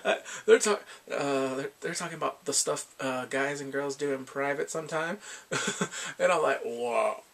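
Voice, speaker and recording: A man giving a casual spoken drama review, retelling scenes in an animated way and acting out the characters' lines. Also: a little high, normal speed, vocal fry.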